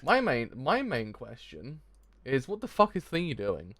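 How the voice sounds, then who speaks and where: A young man streaming a live manga reaction, reading the panels aloud and swearing as he shouts in disbelief. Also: mid-range voice, big pitch swings, a little slow, dry recording. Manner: reads manga dialogue aloud.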